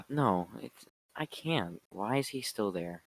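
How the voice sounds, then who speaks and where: A man's voice: fairly low pitch, expressive, slow, rough recording. A man in casual podcast chat, making blunt, exasperated quips. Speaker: podcast guest.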